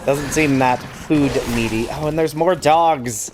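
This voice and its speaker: A man's voice: a little high, measured pace, slight background noise. A man giving wry, self-mocking let's play commentary as he plays through a game. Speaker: gamer playing a randomizer.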